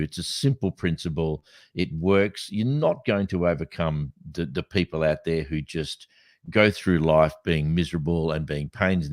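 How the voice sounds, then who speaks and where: A man co-hosting a podcast, telling stories in a lively, animated way with frequent restarts. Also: sits low, no room sound, studio quality. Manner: animated storyteller, many restarts. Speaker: podcast co-host. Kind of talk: casual chat. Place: studio.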